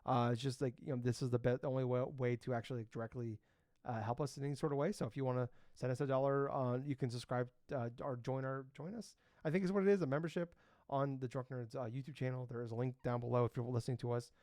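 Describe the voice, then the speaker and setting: A man's voice: medium pitch, fairly even intonation, fast talker, darkish tone, dry recording, studio quality. A man in his thirties co-hosting a casual gaming podcast, rambling with lots of fillers and the odd swear word. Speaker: podcast co-host. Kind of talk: casual chat.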